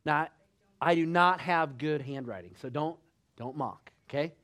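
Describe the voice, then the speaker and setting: A man preaching a sermon emphatically, asking the congregation rhetorical questions and rising to loud bursts. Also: fairly high pitch, a little slow.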